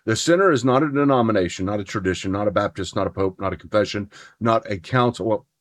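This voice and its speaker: A man's voice: lowish voice, fast talker. A man hosting a podcast, talking theology in a casual, earnest way with his spouse and building to emphatic points. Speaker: podcast host. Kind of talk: casual theology chat, partly read from notes.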